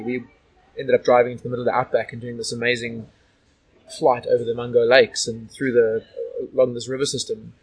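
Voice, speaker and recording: A man's voice: mid-range voice, flat delivery, moderate pace, slightly rough, low-quality recording. A man from Australia telling stories as a guest in a casual interview, rambling with lots of "like" and "you know".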